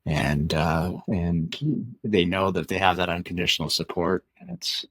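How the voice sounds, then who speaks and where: Thoughtful deep-voiced man, podcast guest. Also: fairly even intonation, unhurried, a bit bright, no echo. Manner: earnest, thoughtful, many restarts and repeated phrases. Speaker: guest, former Olympic athlete; father. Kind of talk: reflective conversational interview.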